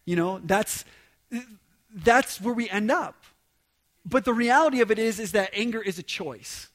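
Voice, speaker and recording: A man giving a sermon as pastor, in an emphatic, conversational preaching manner with quieter asides. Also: high voice, a little slow.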